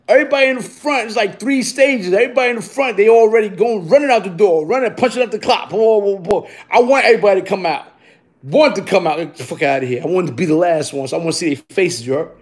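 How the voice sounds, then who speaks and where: A man telling a profane, streetwise story from his workday, acting out the other people and the sound effects himself. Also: high-pitched. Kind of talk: casual spoken storytelling.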